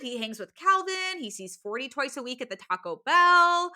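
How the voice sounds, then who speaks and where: A woman's voice: on the high side, big pitch swings, unhurried, few pauses, bright, forceful tone. A young woman co-hosting a podcast, recapping a book in a bubbly, chatty way with lots of fillers. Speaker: podcast co-host. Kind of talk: casual book-recap chat.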